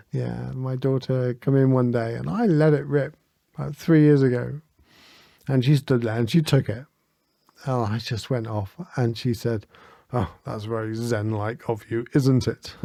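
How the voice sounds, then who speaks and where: A middle-aged man hosting a reflective podcast, talking in an earnest, gentle and heartfelt way, chuckling often. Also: mid-range voice, creaky, no echo. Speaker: podcast host and spiritual teacher.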